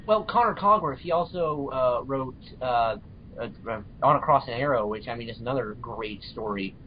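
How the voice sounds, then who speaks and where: Male co-host, teasing, mid-pitched voice, dull audio with faint hiss. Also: moderate pace. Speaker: podcast co-host. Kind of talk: casual chat.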